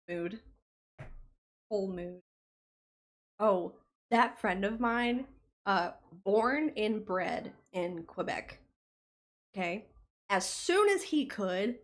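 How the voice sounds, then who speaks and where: Chatty American woman, light Southern lilt. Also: medium pitch. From United States. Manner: rambling, chatty, many "like" fillers. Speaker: livestreamer. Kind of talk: casual chat with viewers.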